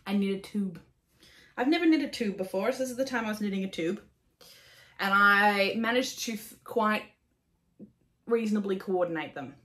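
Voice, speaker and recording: A woman's voice: mid-range voice, moderate pace, long pauses, a bit bright. An Australian woman hosting a knitting podcast, chatting casually, swearing freely and laughing at herself as she talks. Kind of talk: casual chat.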